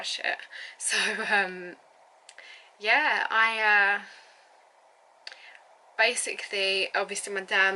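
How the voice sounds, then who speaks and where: A woman's voice: medium pitch, bright, forceful tone, poor audio. A young woman in her twenties, casually telling a personal story with many fillers and giggles. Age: 20s. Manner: rambling, lots of fillers and likes, giggly. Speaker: vlogger.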